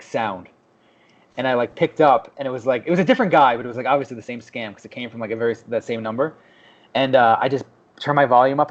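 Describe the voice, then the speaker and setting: A young man co-hosting a podcast, telling a story in a lively way and acting out the people he quotes. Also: mid-range voice. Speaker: podcast co-host. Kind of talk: casual chat. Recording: dull lo-fi podcast audio.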